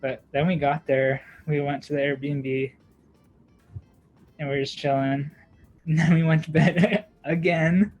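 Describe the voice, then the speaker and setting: A man's voice: fairly high pitch, little pitch movement, a little slow, long pauses, a little mellow, muffled recording, faint music behind. A young man, a podcast co-host, telling a long story in casual chat, with lots of fillers, "like" and laughter. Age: young adult.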